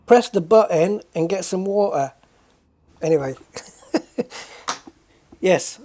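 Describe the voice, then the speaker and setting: A man's voice: sits high, animated, takes it slowly, warm tone, a little hiss or hum. A British man hosting a game livestream, chatting casually with viewers, greeting them by name and rambling through musings with many self-corrections. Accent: British English. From United Kingdom.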